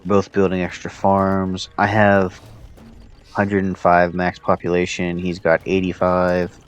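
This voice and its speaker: A man's voice: deep voice, completely flat delivery, a little slow, smooth, dull audio. A man casually commentating a strategy game he is playing, thinking aloud with plenty of fillers. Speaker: player commentating his own match.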